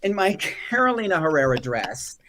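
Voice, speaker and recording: A woman guest in a casual interview, telling funny stories with animated delivery and acted-out quotes. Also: low-pitched, moderate pace, a little hiss or hum. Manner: animated, comic storyteller who acts out quotes. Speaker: actor and activist guest.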